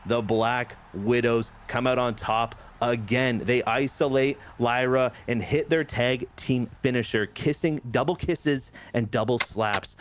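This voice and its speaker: A man's voice: mid-range voice, fairly even intonation, unhurried, few pauses, a little hiss or hum. A man hosting a game playthrough, narrating the story in a hyped, playful way. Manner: hyped, playful, says "baby" a lot. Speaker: host. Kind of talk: casual game commentary.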